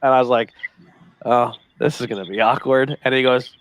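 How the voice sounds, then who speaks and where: A man hosting a podcast, telling excitable, casual stories and swearing freely. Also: medium pitch, normal speed, no room sound. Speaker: podcast host. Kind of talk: casual chat.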